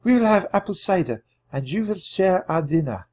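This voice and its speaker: A gentle, motherly farm wife , voiced by a man in a storybook reading, pitched high above his own voice and a little husky. She sounds soft and welcoming. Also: big pitch swings, normal speed.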